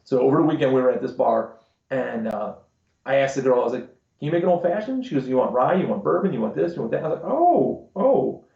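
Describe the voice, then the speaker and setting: A man co-hosting a podcast tells rambling bar stories in casual chat, and he swears freely. His voice is gravelly and mellow. The stream sounds roomy and a little dull. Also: medium pitch, fast. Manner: crude, swearing storyteller. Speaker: podcast co-host.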